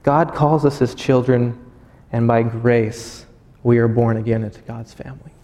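A man's voice: medium pitch, level tone, unhurried, dark tone. A man in his thirties giving a sermon, earnest and personal, often restarting his phrases. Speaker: pastor. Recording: hall with long reverb.

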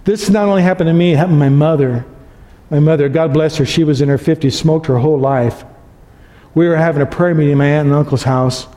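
A pastor preaching a sermon, telling stories earnestly and building to emphatic peaks. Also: male voice, on the high side, warm tone. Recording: long reverb of a large hall.

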